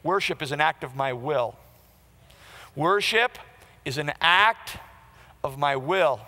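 Male pastor, high bright voice, punchy conversational sermon, long hall reverb. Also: lively intonation, slow. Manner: emphatic, conversational preaching with quoted asides.

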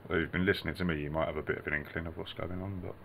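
A man's voice: low voice, fairly even intonation, rapid-fire, gravelly, noisy background. A man from the United Kingdom rambling in a vlog monologue, swearing constantly and muttering asides to himself.

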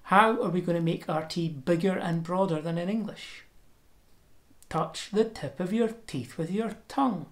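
Lowish woman teaching pronunciation. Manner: demonstrates sounds slowly and deliberately. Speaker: language teacher. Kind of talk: pronunciation lesson.

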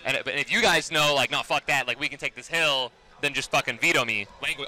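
A man's voice: medium pitch, fast, few pauses, sharp tone. A man streaming a game tournament, rambling and apologetic with many fillers. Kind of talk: casual gaming chat.

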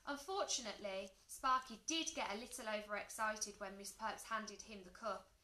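A woman from a primary school reading a children's storybook aloud in an expressive way. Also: mid-range voice, normal speed. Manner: expressive, lively character voices. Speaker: primary school staff reader. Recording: roomy echo.

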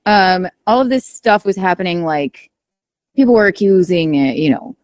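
A woman guest in casual chat, telling stories quickly and acting out quoted remarks. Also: fairly low pitch, animated, a little mellow, dry recording, studio quality.

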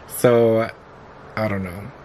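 A man's voice: fairly low pitch, warm tone. Chatty, giggly man vlogging to a handheld camera, faint traffic hum behind. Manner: chatty, giggly, laughs often. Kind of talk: casual vlog chat.

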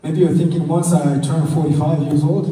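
A man from Rwanda giving a fervent testimony sermon in short phrases, pausing for an interpreter. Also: a little high, level tone, warm tone. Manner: fervent, speaks in short phrases paused for translation. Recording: echoey hall from far off.

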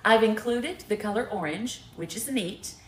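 A woman's voice: mid-range voice, normal speed. A woman co-hosting a podcast, reading a fan letter aloud and chatting with a giggly, gushing manner. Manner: giggly, gushing when excited. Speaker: podcast co-host. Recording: echoey room, light background noise.

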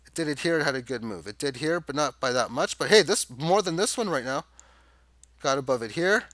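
A man's voice: on the high side, expressive, fairly quick, a bit bright, no echo. Rambling man talking charts. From Canada. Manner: rambling, thinks aloud with fillers and restarts. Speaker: crypto chart analyst. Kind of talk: casual chart walkthrough commentary.

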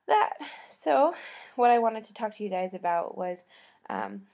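Tired young woman with vocal fry. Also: mid-range voice. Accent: slight Southern US. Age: young adult. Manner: rambling, soft and trailing off. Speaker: college student vlogger. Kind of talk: casual chat to camera.

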